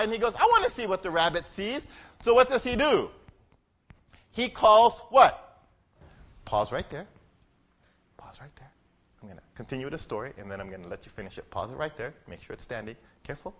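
Animated man quizzing children. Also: sits high. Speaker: children's church speaker. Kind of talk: children's message with a game and story. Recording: dull lo-fi recording.

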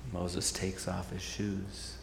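Slow-talking, wry male preacher. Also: low-pitched, monotone, gravelly, roomy sound, in a large hall, noisy background. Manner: conversational, wry, leans into stories. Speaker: pastor. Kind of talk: sermon.

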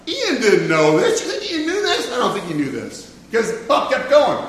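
A man tells a story to children, playful and quizzing his listeners. His voice is high, bright and very lively, and he sounds far from the mic in a roomy, echoing hall. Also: normal speed. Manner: playful, asks the audience questions.

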